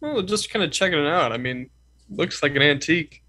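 A man playing a tabletop horror game, brash and impatient as he fires off questions. His voice is bright and sharp and sits a little high for a man. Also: expressive, fairly quick. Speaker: player. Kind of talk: casual tabletop game chat.

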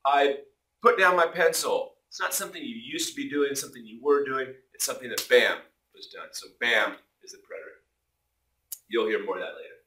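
A bright, energetic man explains a lesson in a jokey way, now and then booming out an exclamation. His voice bounces around a reverberant room. The mic sits some distance away, so he sounds slightly far off. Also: a little fast. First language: English. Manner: energetic, jokey, punctuates points with loud exclamations. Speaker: Spanish teacher.

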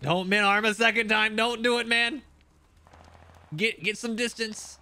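A man commentating recorded shooter gameplay, excitable and quick to react, with wry asides. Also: sits high, slight background noise. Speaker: gaming channel host.

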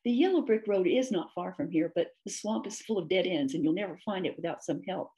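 A woman voicing a gruff but friendly male alligator father in a read-aloud storybook. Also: lowish voice, lively intonation, brisk, warm tone, lightly acted.

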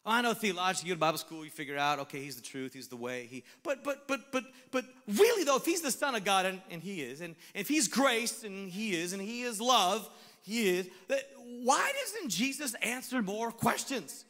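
Man, pastor, sermon, animated, bright tense voice, long reverb. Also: sits high, a little fast. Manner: animated, swings from shouting to hushed asides. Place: church sanctuary.

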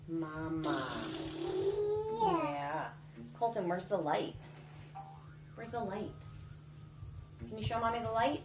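A woman's voice: medium pitch, expressive, slow pace, gravelly, long pauses. A woman filming her baby at home, coaxing him in sing-song baby talk. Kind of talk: home video, talking to a toddler. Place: living room at home. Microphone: handheld camera. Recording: roomy home video with background noise.

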